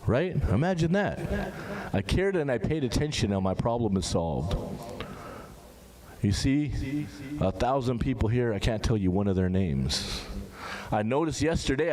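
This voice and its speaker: Animated man preaching to a crowd. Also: normal speed. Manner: conversational, asks the audience questions, animated rises in pitch. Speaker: speaker at a Muharram gathering. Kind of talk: informal sermon. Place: large hall with a gathering. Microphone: handheld microphone. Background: crowd of listeners.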